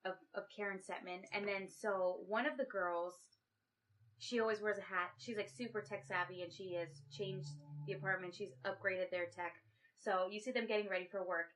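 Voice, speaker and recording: A woman co-hosting a casual podcast chat recaps a movie plot in a rambling way, acting out the characters' lines. Her mid-range voice is steady, a bit bright and at normal speed.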